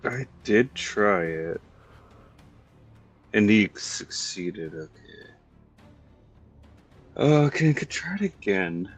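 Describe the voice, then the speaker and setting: A man with a very deep voice plays a tabletop game, speaking slowly and hesitantly as he thinks aloud. Faint music runs behind him. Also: very animated, slightly rough. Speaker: player. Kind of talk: casual tabletop play.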